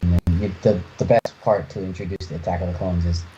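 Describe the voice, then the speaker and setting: Podcast co-host, a man in his thirties, deep mellow voice, stop-start delivery, muffled lo-fi sound. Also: steady tone. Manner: halting, many restarts and fillers. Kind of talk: casual chat. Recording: muffled lo-fi audio with faint noise.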